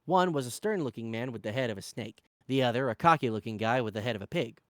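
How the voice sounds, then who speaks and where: A man reading a fantasy novel aloud in an expressive, animated way. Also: mid-range voice, fast, dry recording, clean studio sound. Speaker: reader.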